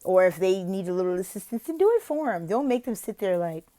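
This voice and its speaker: An online English teacher offers interview tips, walking through her slides at a quick pace. She is animated and expressive, slipping into whispers and a high, sing-song teacher voice as she acts out classroom demos while explaining how to teach an online lesson.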